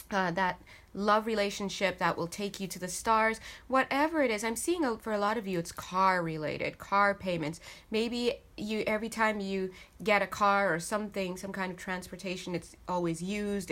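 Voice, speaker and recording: Casting: woman, tarot reader, relaxed chatty delivery, laughs easily, mid pitch. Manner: chatty, laughs often, addresses viewers as guys. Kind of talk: casual channeled tarot reading.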